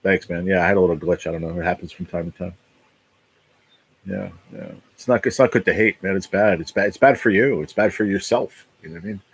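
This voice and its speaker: A man's voice: low voice, fairly even intonation, fairly quick, breathy edge, poor audio. A man in his late forties, hosting a casual livestream, talking bluntly, swearing a lot and repeating himself. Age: 40s. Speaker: livestream host.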